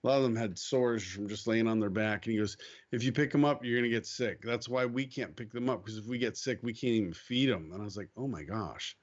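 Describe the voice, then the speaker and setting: A man speaking as a guest on a faith podcast, telling a story in a casual, animated way, acting out quoted lines and laughing easily. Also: medium pitch, fast, highs cut off. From United States.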